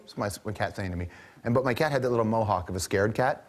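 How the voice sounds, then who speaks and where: Animated self-mocking talk show host man. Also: on the low side, quick pace, slight background noise. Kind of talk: comic storytelling monologue.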